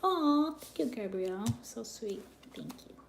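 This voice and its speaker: A woman's voice: on the high side, expressive, measured pace, vocal fry, slight background noise. A woman chatting casually on a livestream as a psychic reader, laughing often and sometimes dropping to near whispers. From New York.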